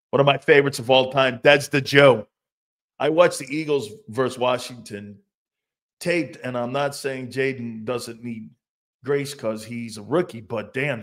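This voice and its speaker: A man hosting a sports talk show, reacting to fan comments in a loose, profane way and laughing often. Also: medium pitch. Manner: animated, laughing, profane, loud outbursts.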